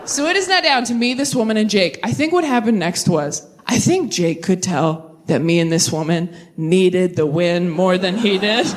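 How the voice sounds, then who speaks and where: A woman in her thirties performing stand-up comedy on stage, telling stories with quick deadpan turns and playful voices. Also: medium pitch. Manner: animated, deadpan storytelling with jokey voices. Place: comedy stage before a live audience.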